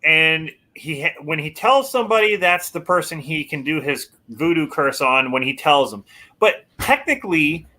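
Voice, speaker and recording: A man with a bright, lively voice that rises and falls a lot, chatting hesitantly about movies. He restarts sentences often as he thinks aloud. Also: on the high side, normal speed. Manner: hesitant, full of restarts, animated. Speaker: podcast co-host. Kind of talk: casual movie review chat.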